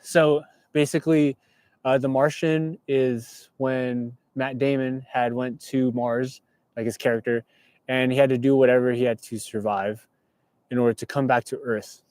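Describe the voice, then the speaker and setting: A man's voice: mid-range voice, little pitch movement, normal speed, a little mellow, clear, resonant tone, dry recording. Laid-back young man, dry close sound. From California. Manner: laid-back, reading viewer comments aloud. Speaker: livestream host. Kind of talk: casual livestream chat. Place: inside a parked car. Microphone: clip-on mic.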